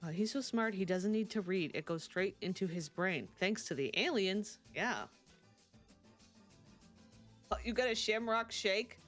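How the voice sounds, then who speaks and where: A woman's voice: medium pitch, animated, unhurried, long pauses, soft background music. A woman streaming a life-sim game, chatting casually and laughing often as she answers her chat. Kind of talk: casual live-stream chat while playing.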